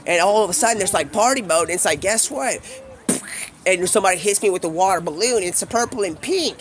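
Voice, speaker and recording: A young man, a streamer, telling a rambling improvised story and quickly shifting his voice for the characters he quotes. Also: sits high, expressive, background noise.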